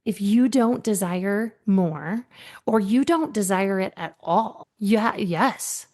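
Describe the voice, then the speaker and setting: A middle-aged woman coaching on leadership tells her stories with energy, slipping into the voices of the people she quotes. Her voice sits at an ordinary middle pitch. She talks like a podcast guest in easy conversation. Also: takes it slowly. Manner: animated storyteller, acts out quoted voices. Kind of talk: storytelling in a podcast interview.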